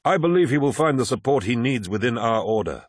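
A man's voice: mid-range voice, sing-song, fairly quick, slightly rough, no room sound, clean studio sound, pitched above the performer's own voice. A man voicing a charismatic male warlord who speaks to his followers in a grand, persuasive, theatrical way, read as an audiobook character.

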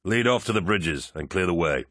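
A man's voice: sits low, animated, normal speed, fairly bright tone, no echo, studio quality. A man voicing a stern warrior captain who gives curt, cold orders. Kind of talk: audiobook character voice.

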